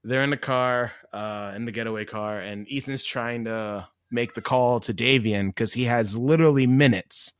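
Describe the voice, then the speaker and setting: A man's voice: mid-range voice, moderate pace, few pauses, clear, resonant tone, no room sound. A man co-hosting a podcast, chatting casually and retelling scenes with lots of laughs. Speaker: podcast co-host. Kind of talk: casual chat.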